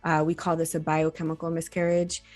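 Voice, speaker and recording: A woman doctor in her forties, giving an educational talk to camera in an earnest, gently instructive way. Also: low-pitched, monotone, brisk, faint music behind. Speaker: reproductive endocrinologist.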